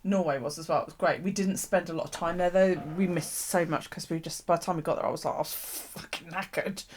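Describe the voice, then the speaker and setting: A woman's voice: lowish voice, fairly quick, a little hiss or hum. A British woman hosting a live stream from her craft desk at home, rambling casually with viewers and swearing freely. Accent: British English. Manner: chatty, swears casually, frequent ums and laughs.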